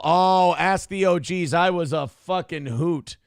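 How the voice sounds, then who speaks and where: A man's voice: a little high, slow pace, clear, resonant tone, no room sound, clean studio sound. A man hosting a live-streamed talk show who reads out donations in a rambling, profane, self-deprecating way. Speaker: show host.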